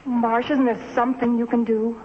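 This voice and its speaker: A woman playing a worried wife who pleads and coaxes in a fairly high voice. The sound is dull and lo-fi with a long reverb trailing behind, like an old TV soundtrack. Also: level tone, moderate pace, a little hiss or hum, natural voice. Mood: pleading. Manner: coaxing, pleading. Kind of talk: 1950s TV drama acting.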